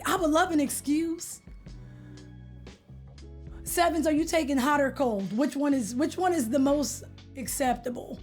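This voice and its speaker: Young woman streamer from California, high-pitched, playful and slangy, with faint music behind her. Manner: playful, slangy, greets chatters by name. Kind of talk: casual chat with live viewers.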